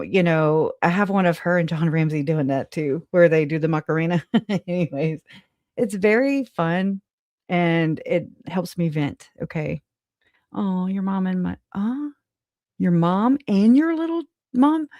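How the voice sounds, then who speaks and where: A woman's voice: lowish voice, a little slow, a little mellow, dry recording, dull audio. A woman hosting a casual live stream, chatting loosely with viewers, laughing often and swearing casually. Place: home.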